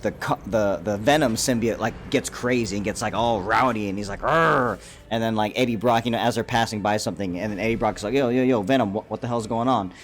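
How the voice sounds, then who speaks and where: A man's voice: medium pitch, a little hiss or hum. A man giving a casual, profane, rambling reaction to a movie trailer, full of fillers and restarts. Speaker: YouTube commentator.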